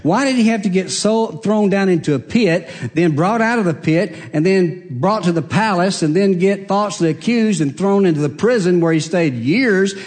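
A man preaching a sermon, earnest and confessional, swinging from raised emphatic peaks down to near-whispered hushes. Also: normal speed, few pauses. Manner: emphatic, rising high then dropping to near-hush.

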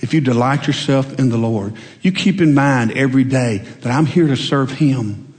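A man's voice: mid-range voice, moderate pace, darkish tone. A man pastor preaching a sermon, folksy and conversational, telling homespun stories and rising to emphatic peaks. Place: church sanctuary. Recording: long hall reverb.

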